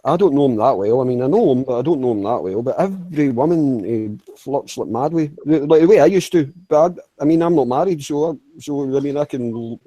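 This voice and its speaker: A man's voice: medium pitch, animated, brisk, few pauses, mellow, dry recording, dull audio. A man chatting casually, rambling with stammered restarts and frequent swearing. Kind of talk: casual chat.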